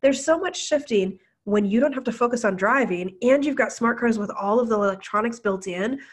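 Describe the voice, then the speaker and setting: A woman's voice: fairly high pitch, a little fast, husky. Chatty woman podcast co-host. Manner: chatty, enthusiastic, laughs often. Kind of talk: casual business podcast chat.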